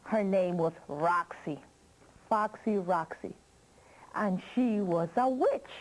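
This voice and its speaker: A woman telling a children's story slowly and expressively, asking listeners questions. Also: mid-range voice, animated, darkish tone, slight background noise, poor audio.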